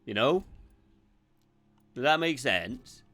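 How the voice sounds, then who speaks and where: A man's voice: medium pitch, big pitch swings, slow, sharp tone. A man streaming a video game, rambling, joking and swearing freely as he plays. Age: adult. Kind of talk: live gameplay commentary.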